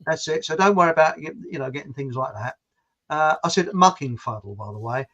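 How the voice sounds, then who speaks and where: A man hosts a loose, jokey livestream, reading viewer comments aloud and rambling through gags with plenty of false starts. His voice sits a little high for a man. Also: lively intonation, brisk, pushed and bright. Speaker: host of a livestream talk show.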